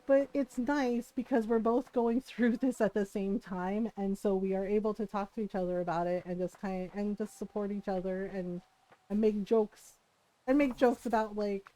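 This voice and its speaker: A woman's voice: mid-range voice, moderate pace, warm tone, low-quality recording. A middle-aged woman streamer in casual chat, telling a story with frequent laughter. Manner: chatty storytelling, laughs often.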